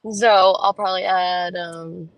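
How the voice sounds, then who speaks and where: A woman's voice: on the low side, gravelly, fairly bright tone, dry recording, rough recording. A woman chats casually and rambles with lots of fillers, talking to her viewers from a parked car into her phone. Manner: rambling with many fillers, homey. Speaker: vlogger chatting with live viewers. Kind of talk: casual chat. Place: parked car in a school pickup line. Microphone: phone camera.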